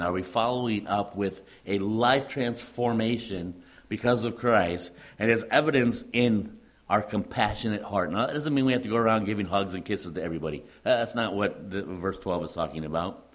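A middle-aged man preaching a sermon, earnest, asking repeated rhetorical questions and leaning hard on stressed words. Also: fairly low pitch. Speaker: pastor.

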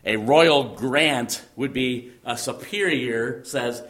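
A man's voice: mid-range voice, takes it slowly, a bit bright. Emphatic preacher man teaching a sermon. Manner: emphatic, repeats phrases, quotes in a commanding voice.

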